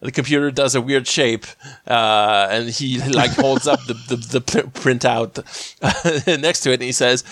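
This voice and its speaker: A man's voice: medium pitch, a little slow, fairly bright tone, no echo. Guy recapping an episode on a podcast, lots of likes and uhs, dry close sound. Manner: rambling, many fillers, acts out quotes. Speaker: podcast co-host. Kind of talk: casual chat recapping a TV episode.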